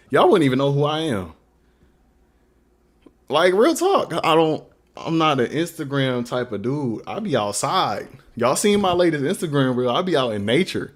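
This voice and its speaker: A young man who makes beats, chatting casually in a livestream Q&A, slangy and rambling. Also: mid-range voice. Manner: laid-back, slangy, rambling. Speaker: beatmaker streamer. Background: faint beat playing.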